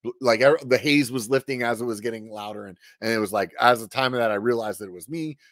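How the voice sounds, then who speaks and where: A middle-aged man telling a story casually on a podcast, animated, with lots of filler words and cursing. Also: medium pitch, fast, no echo, clean studio sound. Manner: animated, swearing, many "like" fillers. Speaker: podcast guest.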